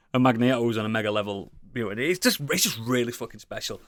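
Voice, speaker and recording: A man's voice: medium pitch, expressive, fairly quick, no room sound. British guy rambling on a podcast, swears a lot, keeps restarting, very dry close sound. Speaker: podcast co-host. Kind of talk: casual chat.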